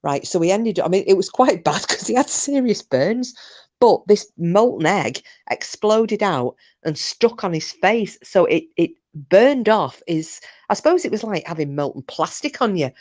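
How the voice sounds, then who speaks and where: A woman's voice: mid-range voice, moderate pace, no room sound. A middle-aged woman, chatting and telling funny stories to viewers on a livestream. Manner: chatty, animated anecdotes with laughs and asides to viewers. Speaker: livestream host. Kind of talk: casual storytelling chat.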